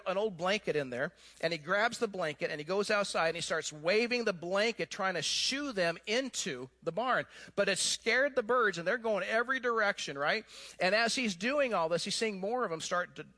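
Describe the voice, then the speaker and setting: High, bright-voiced male pastor preaching. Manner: animated storytelling, swings from loud emphasis to hushed low tones. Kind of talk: sermon.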